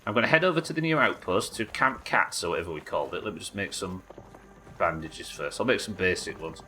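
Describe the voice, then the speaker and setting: A man's voice: low-pitched, expressive, a little fast, bright, forceful tone, soft background music. A man with a New Zealand accent streaming a video game live, thinking aloud, swearing casually and answering chat. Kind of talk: live gameplay commentary.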